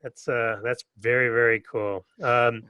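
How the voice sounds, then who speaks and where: A man hosting a podcast, thanking and questioning his guest in a halting way with many fillers. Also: medium pitch, little pitch movement, bright, forceful tone, clean tone, no echo. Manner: hesitant, filler-heavy. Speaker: podcast host. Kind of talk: casual interview chat.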